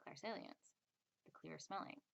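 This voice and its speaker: A woman giving a casual spiritual lesson, chatty and acting out little inner voices in quotes. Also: moderate pace. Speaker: spiritual teacher. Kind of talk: casual teaching monologue.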